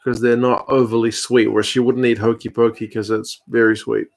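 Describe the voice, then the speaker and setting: A man's voice: medium pitch, level tone, moderate pace, creaky. A man, chatting casually on a live stream as host, answering viewer comments while watching a rugby match.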